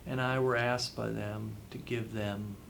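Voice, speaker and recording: A man's voice: on the low side, level tone, measured pace, vocal fry, a bit bright, slight background noise. A man being interviewed as a guest author, giving advice in an emphatic way and repeating phrases for effect. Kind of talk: interview answers, motivational advice.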